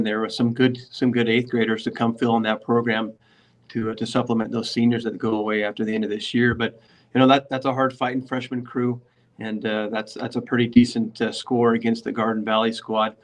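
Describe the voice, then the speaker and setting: Male coach guest, level flat delivery, easygoing podcast chat. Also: medium pitch. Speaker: football coach. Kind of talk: casual sports podcast chat.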